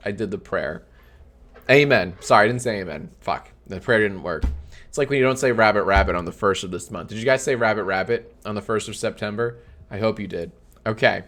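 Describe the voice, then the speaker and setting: A man's voice: moderate pace, a bit bright. Sarcastic man cracking jokes on stream. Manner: sarcastic, joking, swears freely; breaks into high laughter. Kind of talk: casual live-stream chat.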